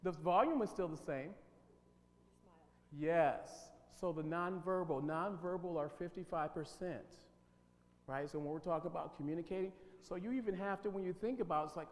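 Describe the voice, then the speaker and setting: A man's voice: a little high, moderate pace. Emphatic man leading a workshop in a hall. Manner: animated, emphatic, quizzes the audience. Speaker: workshop leader. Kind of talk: interactive workshop talk. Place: church hall. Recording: long hall reverb, faint hum.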